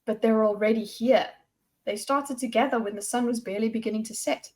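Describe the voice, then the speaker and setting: A woman's voice: fairly high pitch, steady tone, brisk, a little mellow, lightly acted. A woman reading the lines of a determined young woman investigator, in a probing, insistent way.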